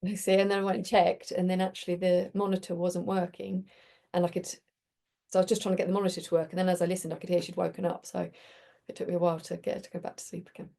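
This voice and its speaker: A woman's voice: on the low side, flat delivery, fast, creaky, warm tone. A woman hosting a community group, talking in a chatty, reflective way and telling stories with many restarts. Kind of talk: casual reflective talk.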